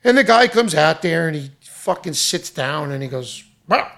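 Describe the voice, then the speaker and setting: A man rants in a high, gravelly voice that swings wildly up and down as he vents. He is loud, profane and exasperated. His delivery is full of mocking retellings. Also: lively intonation, normal speed. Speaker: restaurant owner venting. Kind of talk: angry profane rant.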